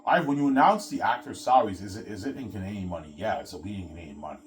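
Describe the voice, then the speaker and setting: Deep-voiced rambling male vlogger. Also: lively intonation, rapid-fire, soft background music. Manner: casual, swearing, repetitive. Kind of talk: rambling solo monologue.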